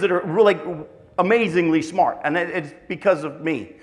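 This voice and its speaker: A man's voice: fairly high pitch, moderate pace, slight background noise. A middle-aged man preaching a sermon as pastor, telling family stories with self-deprecating humor.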